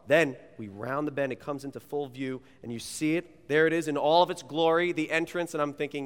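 Playful pastor preaching in an echoing hall. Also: male voice, on the high side, brisk, hardly any pauses, clean tone. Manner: animated, playful storyteller. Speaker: youth pastor. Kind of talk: sermon with personal storytelling. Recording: long reverb of a large hall.

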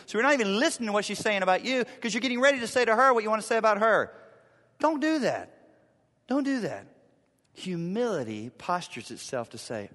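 A high-voiced male pastor preaches with a lively, swooping delivery, jumping into little character voices for the people he quotes. His words ring out with the long reverb of a big church hall. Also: brisk. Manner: animated, acts out quoted people in shifting voices. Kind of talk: sermon. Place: church sanctuary.

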